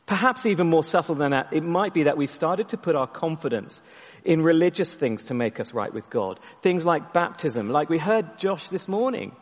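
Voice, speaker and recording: A man preaching a sermon, telling a story and often restarting his words, sometimes dropping his voice very soft for emphasis. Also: on the high side, lively intonation, normal speed, long reverb tail, dull audio. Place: church.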